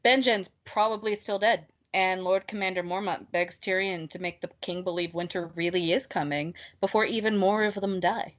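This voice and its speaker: A woman co-hosting a casual book discussion podcast, talking in an animated, exasperated way and laughing often. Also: medium pitch, normal speed, hardly any pauses. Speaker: podcast co-host.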